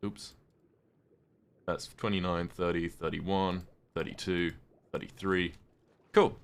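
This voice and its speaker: Streamer, male, very low voice, loose and chatty, casual swearing. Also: steady tone, slow pace, smooth. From United Kingdom. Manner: chatty, answers viewers' questions, swears casually. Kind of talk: casual live-stream chat while gaming.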